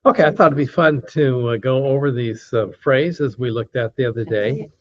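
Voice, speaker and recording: A man teaching a class, patiently saying words slowly and repeating them, with many fillers, over an online call. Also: mid-range voice. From United States. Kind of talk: lecture teaching pronunciation. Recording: dull lo-fi call audio.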